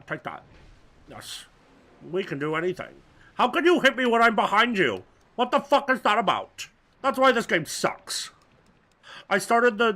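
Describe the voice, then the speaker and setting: Man, high and bright voice, rambling gameplay commentary with absurd crude jokes. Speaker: gaming video host. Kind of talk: let's-play commentary.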